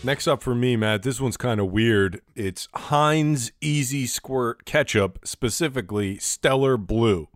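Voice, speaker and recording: A man's voice: medium pitch, unhurried, few pauses, faint music behind. A man co-hosting a casual podcast, chatty and laughing often, with lots of "like" fillers. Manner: laughs often, says "like" a lot. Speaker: podcast co-host.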